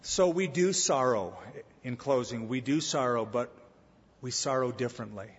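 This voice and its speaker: A man's voice: mid-range voice, normal speed, husky. A man preaching a sermon as pastor, telling a humorous story before making his point. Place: church sanctuary. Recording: echoey hall, slightly dull sound.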